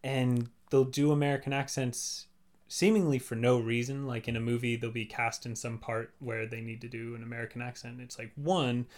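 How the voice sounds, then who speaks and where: A man, a working actor, chatting casually and telling lively stories, now and then slipping into quick impressions. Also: mid-range voice. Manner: animated storyteller, drops into quick impressions. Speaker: actor, podcast guest. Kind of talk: casual chat.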